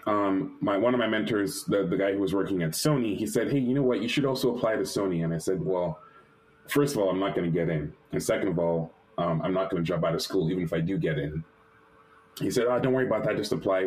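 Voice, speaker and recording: A male animator, a guest in an interview, telling a personal story lively and acting out the quotes, with many restarts and fillers. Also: sits low, poor audio. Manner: lively retelling that acts out quotes.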